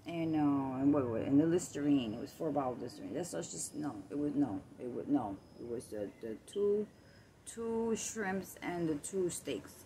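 A woman with a fairly low voice talks into her phone as she walks her neighborhood at night. She tells her story in a chatty, animated way, acting out both sides of the conversation. A steady outdoor noise runs under the whole recording. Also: normal speed. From Puerto Rico. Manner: chatty, animated retelling with quoted exchanges. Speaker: vlogger. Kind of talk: casual storytelling while walking.

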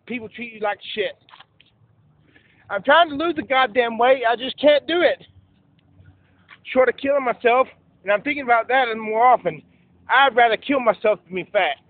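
A man ranting and swearing as he films himself outdoors and in a fast-food place. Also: very high-pitched. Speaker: vlogger. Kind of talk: angry street vlog. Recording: tinny phone-like audio with faint hiss.

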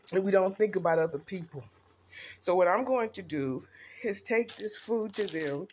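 Outdoors in a park, a woman with a Southern accent vlogs casually to the camera about cooking for the homeless. Her mid-range voice is husky, and she's folksy, sprinkling in plenty of "honey" and "I bet you."

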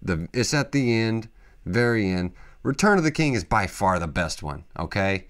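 A man hosting a podcast, talking casually and excitably, with lots of emphatic interjections. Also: on the low side, moderate pace. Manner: excitable, emphatic, peppered with "freaking" and "dude". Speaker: podcast host. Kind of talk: casual solo podcast monologue.

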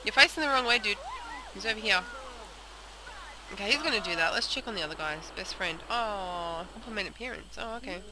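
A woman's voice: medium pitch, lively intonation, a little fast. A young woman casually commenting on a video game, chatting aloud and talking to the characters. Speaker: let's play host. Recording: noisy home recording.

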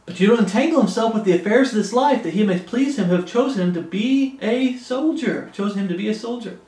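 A man preaching in a high, emphatic voice, repeating his warnings over and over and reading scripture aloud. His sermon rings out in a noticeably echoey room. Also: animated, fast talker, darkish tone. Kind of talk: expository Bible sermon.

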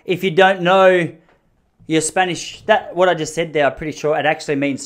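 An Australian man from Melbourne carries a solo comedy podcast, rambling through stories in a sardonic, animated way. His voice sits a little higher than most men's. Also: brisk. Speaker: podcast host. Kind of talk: comedic monologue.

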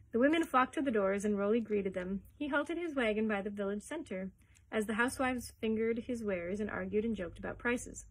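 A woman librarian reading a chapter book aloud for story time, gently pausing to comment on the pictures. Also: mid-range voice, slightly rough, poor audio. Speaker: children's librarian.

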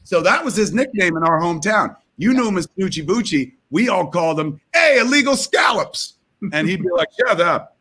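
A man's voice: high-pitched, fairly quick, hardly any pauses, a bit bright, husky. A man telling a rambling, profane comic story over a video call.

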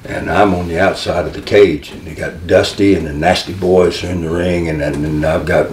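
Older male interview guest, rambling and animated storyteller, roomy echoey recording. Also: low voice, moderate pace, recorded from a distance, a little hiss or hum. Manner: animated, rambling storyteller who laughs often. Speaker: interview guest, former wrestling manager. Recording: roomy echo.

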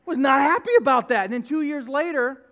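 A man's voice: very high-pitched, brisk, fairly bright tone. A man preaching a sermon as pastor, telling personal stories in a conversational, emphatic way with lots of repetition. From United States. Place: church sanctuary.

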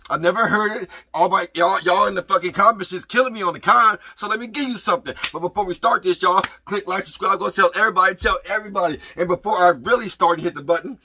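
Excitable man hosting a reaction channel. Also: high voice, breathy edge. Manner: excitable, hype exclamations. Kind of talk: casual reaction commentary. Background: rap track playing.

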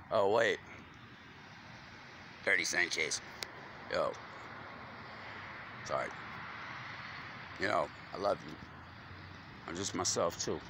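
A man's voice: on the low side, creaky. A man rambling in a loose, slangy monologue, cursing freely as his thoughts wander. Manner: loose, slangy, stream-of-consciousness talk with cursing. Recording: loud street noise with passing vehicles.

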